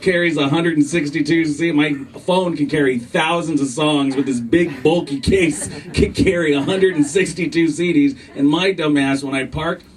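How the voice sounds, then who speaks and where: A man's voice: on the high side, normal speed, few pauses. A male stand-up comedian doing a profane, self-mocking set on a comedy club stage, acting out both sides of arguments, with audience laughter behind him. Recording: distant club recording with room noise.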